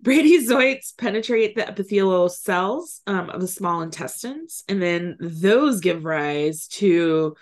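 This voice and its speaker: A woman's voice: fairly low pitch, expressive, takes it slowly, hardly any pauses. A woman co-hosting an educational podcast in casual chat, reading notes aloud with giggly asides. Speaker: podcast co-host.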